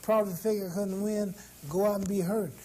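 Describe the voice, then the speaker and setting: A man's voice: high-pitched, fairly even intonation, brisk, a little mellow, low-quality recording. A man, a boxing champion at a press conference, talking boastfully and answering with rhetorical questions.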